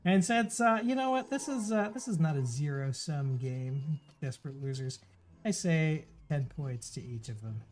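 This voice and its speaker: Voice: mid-range voice, expressive, moderate pace, a little mellow. A playful, theatrical host running comedic game show banter. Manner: playful, theatrical, lots of fillers.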